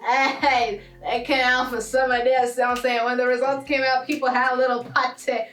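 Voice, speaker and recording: A young woman from Malawi giving a playful comic monologue to camera, with sudden high squeals and quiet asides. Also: monotone, quick pace. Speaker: vlogger. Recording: echoey room, voice a bit far from mic, light music.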